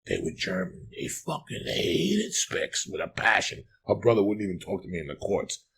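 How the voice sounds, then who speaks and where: Gravelly, profane man telling stories. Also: fairly low pitch, normal speed, slight background noise. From Cuba. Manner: profane, rambling, animated. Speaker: podcast host. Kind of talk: crude comic storytelling.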